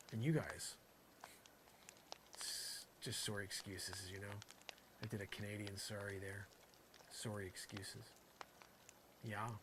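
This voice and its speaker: A fairly low-pitched man hosts a live show against a noisy background. He delivers an improvised comedy monologue, rambling and mock-aggrieved. His talk is full of "you know."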